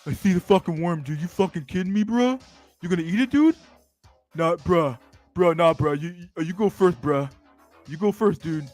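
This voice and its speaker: A man's voice: sits high, normal speed, a little mellow, no room sound, faint music behind, pitched above the performer's own voice, close to an everyday voice. A man voicing a dim-witted, eager male fish who talks like a bro and keeps saying "bruh" and "dude.". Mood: hyped, excited. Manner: repeats "bruh" and "dude" constantly.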